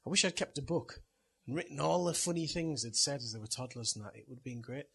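A man's voice: medium pitch, lively intonation, fast talker, gravelly, husky. A middle-aged man, a pastor, telling a funny family story in a chatty sermon and laughing at it as he goes. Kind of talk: sermon with personal anecdote.

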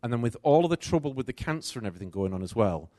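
A middle-aged man preaches a sermon and tells a personal story, swinging between loud and soft. His pitch rises and falls with lively movement. The recording sounds dry and close. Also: racing, no echo.

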